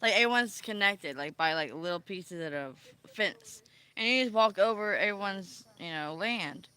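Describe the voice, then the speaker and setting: A woman chatting casually on a vlog, meandering and pausing often with ums and trailing sentences. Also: medium pitch, lively intonation, sharp tone, clean tone. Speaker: vlogger. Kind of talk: rambling casual chat.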